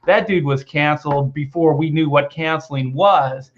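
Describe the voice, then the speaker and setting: A man's voice: fairly high pitch, moderate pace. Rambling man on a lo-fi call. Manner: rambling storyteller with many restarts. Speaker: comic book artist guest. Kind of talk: casual video call chat.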